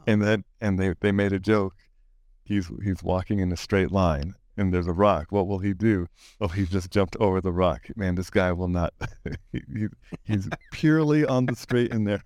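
A man co-hosting a podcast in casual chat, talking haltingly with many restarts. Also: low voice, a little mellow, no echo, studio quality. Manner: halting, full of restarts and fillers. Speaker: podcast co-host.

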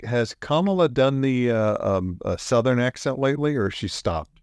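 Regular-pitched guy, dry close mic, deadpan one-liners. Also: normal speed, clean tone, no echo. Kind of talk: casual chat.

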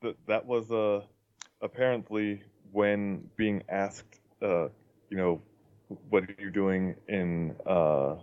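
Man, very low voice, chatty storyteller who chuckles often; dull lo-fi recording. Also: steady tone, slow. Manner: chuckles through his stories. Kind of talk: casual chat. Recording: dull lo-fi sound.

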